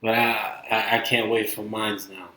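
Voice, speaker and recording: A man's voice: on the low side, level tone, a little slow, sharp tone, a little hiss or hum. Rambling Brooklyn man in an echoey room. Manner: rambling, hesitant, trails off. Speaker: podcast co-host. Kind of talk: casual chat.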